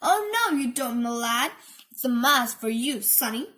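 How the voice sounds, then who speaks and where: A woman's voice: on the high side, animated, a little slow. Woman putting on a bossy pirate girl. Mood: gloating. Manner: loud piratical drawl.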